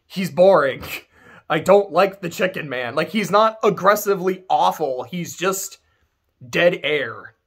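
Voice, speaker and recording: A man's voice: sits high, lively intonation, unhurried, husky. Male game reviewer, casual rant, profane and sarcastic.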